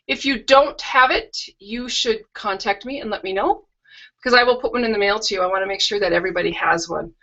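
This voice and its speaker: A woman's voice: mid-range voice, brisk, pushed and bright. A middle-aged woman hosting a live craft stream from her home, chatting casually with homey, rambling asides. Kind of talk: casual live-stream chat and product tour. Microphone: video call webcam. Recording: lo-fi video call audio.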